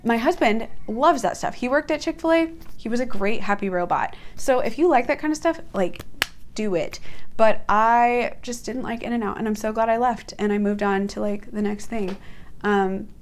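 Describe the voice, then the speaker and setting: A young woman in her twenties telling stories to camera in a casual, chatty way, filling her talk with "like" and jumping up in pitch when she quotes herself. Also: moderate pace, slight background noise. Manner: animated, jumps up in pitch when quoting herself. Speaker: vlogger.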